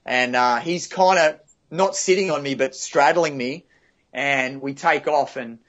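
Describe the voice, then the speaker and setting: A man's voice: medium pitch, measured pace, fairly bright tone, muffled recording. A man, a guest vividly recounting a surf rescue in casual talk, with many restarts and fillers. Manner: vivid, restarts often, fills with "you know" and "like". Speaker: guest telling a surf story. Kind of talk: casual spoken storytelling.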